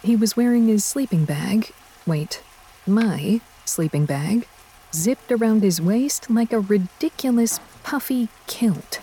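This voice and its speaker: A woman's voice: fairly high pitch, unhurried, dark tone, breathy edge. A woman reading a first-person story aloud with a wry, dry touch. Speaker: audiobook narrator. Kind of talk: scripted first-person narration.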